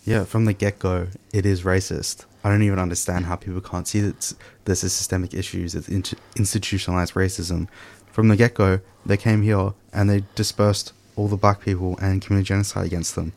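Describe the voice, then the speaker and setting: A man's voice: sits low, flat delivery, gravelly, a little mellow. A young Australian man with an Australian accent, talking in casual political conversation, agreeable and often answering "yeah". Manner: agreeable, quick bursts, frequent "yeah".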